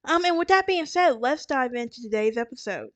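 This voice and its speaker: A woman's voice: high-pitched, lively intonation, fairly quick, no room sound. A tired woman with a Southern accent hosting a true crime podcast, narrating casually and often correcting herself as she goes. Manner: rambling, frequent restarts and self-corrections.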